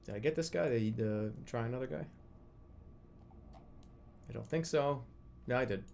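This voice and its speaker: A man's voice: mid-range voice, normal speed, gravelly, a little mellow, a little hiss or hum. A man streaming live, chatting casually and thinking aloud while he ranks things, his volume drifting up and down. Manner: musing aloud, drifting volume, brief laughs.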